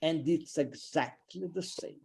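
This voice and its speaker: A man giving an online university lecture, halting and thinking aloud with many fillers and restarts. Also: a little high, vocal fry, a little mellow, breathy edge. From Italy. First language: a regional language between France and Italy.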